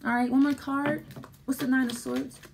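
Woman tarot reader, high voice, casual, rambling and repetitive, talks right to the listener. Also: flat delivery, normal speed, vocal fry, heavy background noise. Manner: rambling, repetitive, thinking aloud while pulling cards; addresses the listener directly and reassuringly. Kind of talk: casual tarot card reading.

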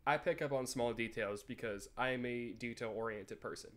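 A man's voice: mid-range voice, moderate pace, a bit bright. A young man casually commenting on a texting game, rambling and joking with frequent swearing and laughter. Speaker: gaming YouTuber. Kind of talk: casual let's play commentary.

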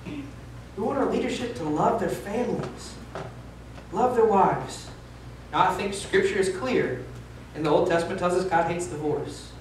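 A man's voice: high voice, a little slow, long pauses, far from the mic, slight background noise. Man preaching a sermon, candid and self-deprecating, echoey church hall, voice from afar. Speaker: pastor. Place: church sanctuary.

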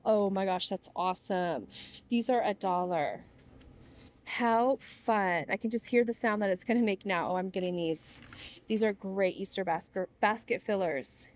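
Young woman vlogger, bubbly and excitable, talking through a shopping walk-through in a large store. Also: medium pitch. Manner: gushing, gasping with delight. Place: inside a large retail store.

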